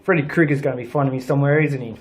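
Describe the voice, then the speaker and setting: A man's voice: mid-range voice, fairly even intonation, racing. A young man giving let's play commentary on a horror game, swearing a lot and grumbling sarcastically, recorded on a desk mic at home. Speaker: gaming channel host.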